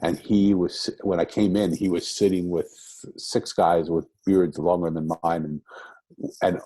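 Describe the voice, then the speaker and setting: A man's voice: low voice, flat delivery, measured pace, warm tone, husky, dry recording. An older man, a rabbi, telling his life story in an interview, reflective and rambling with many restarts. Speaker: guest, rabbi.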